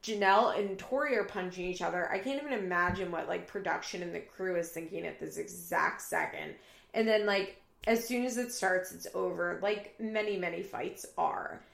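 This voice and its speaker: A woman's voice: fairly low pitch, moderate pace, gravelly, echoey room. A woman recapping a reality TV episode in casual chat, acting out quoted lines as she goes. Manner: animated retelling, acts out quoted lines with raised voice.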